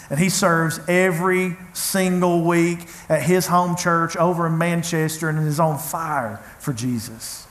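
A man preaching a sermon, telling a personal story in an earnest, conversational way. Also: fairly high pitch. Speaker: pastor. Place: church hall. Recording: echoey church room.

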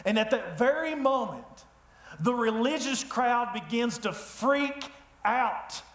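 A man preaching a sermon in a church, telling the story with lively humor. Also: very high-pitched, slow pace. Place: church sanctuary. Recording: echoey room.

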